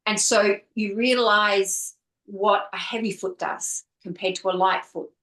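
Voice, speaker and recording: A woman's voice: medium pitch, fairly even intonation, unhurried, fairly bright tone, reverberant, low-quality recording. A woman author speaking as an interview guest, earnest and flowing, often stringing words into lists. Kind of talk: reflective conversational interview.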